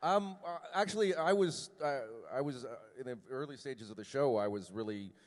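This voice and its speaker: Joking man on a convention stage. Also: medium pitch. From Canada. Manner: joking, self-deprecating, halting with fillers. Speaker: convention panel guest. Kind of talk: casual panel Q&A answers. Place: large convention hall. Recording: long hall reverb.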